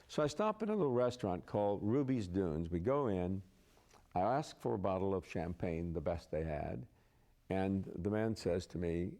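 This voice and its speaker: Interview guest, male actor: low, mellow voice, chatty storyteller. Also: lively intonation, normal speed. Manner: chatty raconteur, laughs through stories. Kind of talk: anecdotal storytelling.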